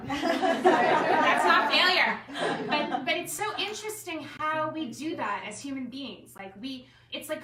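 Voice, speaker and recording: A woman who is an artist and designer, telling a personal story to a group in a chatty, animated way with lots of "like". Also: a little high. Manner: chatty, animated storytelling full of "like" and self-quotes. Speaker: artist and designer speaking at a gathering. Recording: echoey room, mic far off, faint room noise.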